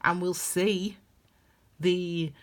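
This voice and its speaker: A woman's voice: lowish voice, steady tone, very slow. A woman giving a casual spoken tarot reading, rambling and heartfelt, with frequent laughs. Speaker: tarot reader.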